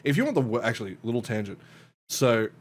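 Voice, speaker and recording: A man's voice: medium pitch, big pitch swings, fast, a little hiss or hum. A young man hosting a podcast, chatting casually with lots of swearing, laughter and tangents. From Australia. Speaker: podcast host. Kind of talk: casual chat.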